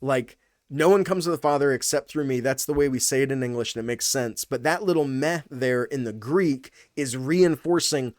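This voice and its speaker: Man, pastor, casual teaching voice, ums and restarts, mid pitch, dry close sound. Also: normal speed, no echo. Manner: casual, thinking aloud with fillers and restarts. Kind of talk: teaching Bible study video.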